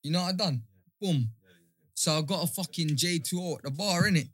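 A man's voice: fairly high pitch, a little fast. A man telling stories in casual chat, full of slang and checking that the others follow him. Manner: animated storyteller, heavy slang, keeps asking "you get me".

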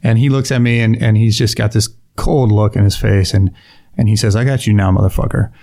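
A man with a fairly low voice tells a dramatic story from his work as a police officer. He acts out the lines people said and restarts his sentences often. He sounds middle-aged. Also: fairly even intonation, normal speed, gravelly, dark tone. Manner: vivid retelling, acts out quoted lines, frequent restarts. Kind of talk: storytelling interview.

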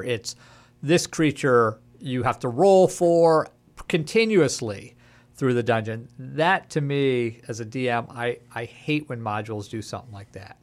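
A man speaking at an average pitch hosts a casual chat about tabletop games. He lays out his views in a blunt, firm way. He talks like someone who has spent a long time running games. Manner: blunt and opinionated. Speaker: podcast host and dungeon master. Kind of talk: casual gaming podcast chat.

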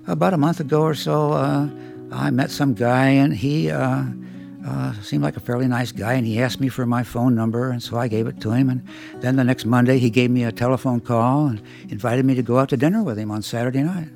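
A man's voice: mid-range voice, steady tone, brisk, gravelly, a little mellow, soft background music, lightly acted. A man voicing an exasperated adult woman who complains emphatically about men.

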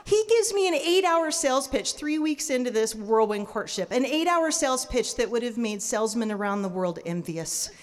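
A woman in her thirties telling a true personal story on stage before an audience, lively, laughing often and acting out her own reactions. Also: on the high side, moderate pace, few pauses. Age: 30s. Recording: long hall reverb.

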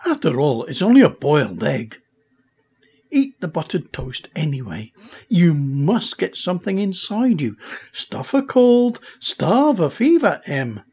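A man voicing a kind, generous mother in a storybook, coaxing and gentle. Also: a little high, big pitch swings, measured pace, husky, full character voice.

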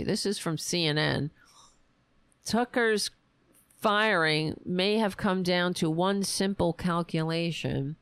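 A woman hosting a ranting political commentary show, sarcastic and exasperated, and her voice is going hoarse. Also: fairly low pitch, no room sound. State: losing her voice.

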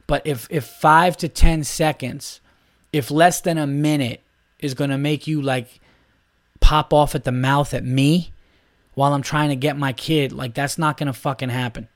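A man's voice: on the high side, fairly even intonation, normal speed, no room sound, studio quality. A man in his thirties hosting a solo podcast, ranting in a heated, profane, rambling way. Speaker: podcast host.

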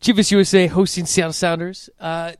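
A man's voice: sits high, brisk, clean tone, dry recording, clean studio sound. A man co-hosting a soccer podcast, chatting loosely about matches with plenty of fillers. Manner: relaxed, loose chat with fillers. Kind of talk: casual sports chat.

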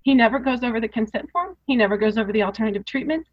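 A woman with a fairly high voice tells a painful personal story as an interview guest. She is earnest and emotional and circles back on the same phrases to stress them. The audio is muffled and lo-fi, like a modest podcast setup. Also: very fast. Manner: earnest, repeats phrases for emphasis; emotional, rising intensity.

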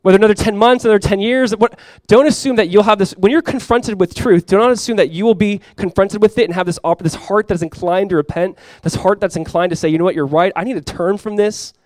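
A man's voice: high-pitched, fast talker, few pauses, no echo, low-quality recording. A male pastor preaching a sermon, telling a story conversationally and now and then rising into sudden emphasis.

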